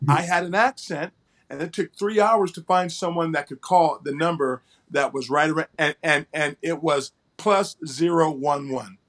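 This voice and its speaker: A man's voice: a little high, normal speed, a bit bright. Earnest man telling a personal story. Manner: earnest, repeats words when starting a phrase. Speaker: co-host.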